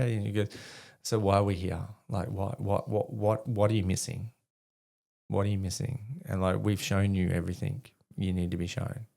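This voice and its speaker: A man's voice: low-pitched, vocal fry, darkish tone. A middle-aged Australian man telling a story as a podcast guest, swearing freely, with many fillers. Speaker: podcast guest, army veteran. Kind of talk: casual storytelling in conversation.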